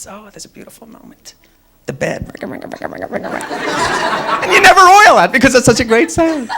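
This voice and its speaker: A young man works a club stage with a stand-up set, his voice sitting high. He is wry and mocking, and he keeps slipping into quick quoted voices. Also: fairly bright tone, slight background noise. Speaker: stand-up comedian. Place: comedy club stage with live audience.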